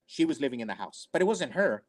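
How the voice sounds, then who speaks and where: A man's voice: mid-range voice, very animated, quick pace. An older man telling personal family stories in an earnest, rambling way, often repeating himself. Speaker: storyteller on a family talk show. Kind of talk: casual personal storytelling.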